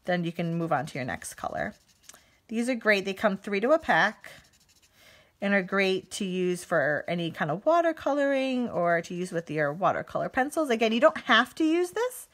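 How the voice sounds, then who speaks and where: A woman's voice: mid-range voice, very animated, moderate pace, a bit bright. A woman in her thirties demonstrating card making on a live stream, chatting and laughing as she answers viewer comments.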